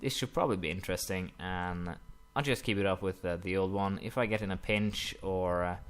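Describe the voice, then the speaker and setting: A young man commenting casually while playing a strategy game, rambling with many fillers and quick apologetic asides. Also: deep voice, clear, resonant tone. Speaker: gaming commentator. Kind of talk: casual let's-play commentary.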